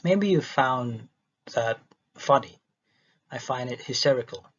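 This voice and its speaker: Husky man reading haltingly aloud. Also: medium pitch, lively intonation. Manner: halting reading with restarts and stumbles. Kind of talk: reading a dialogue transcript aloud. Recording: dull lo-fi recording.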